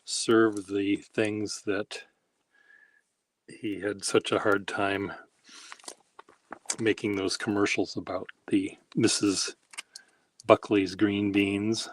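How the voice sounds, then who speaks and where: A man chatting casually, telling meandering, halting anecdotes as the host. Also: on the low side, level tone. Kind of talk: casual rambling chat.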